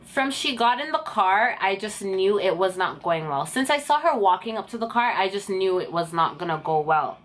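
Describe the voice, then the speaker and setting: A woman's voice: mid-range voice, moderate pace, hardly any pauses. A young woman telling an indignant story to camera in a casual vlog. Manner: animated and indignant, talks to camera. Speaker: vlogger.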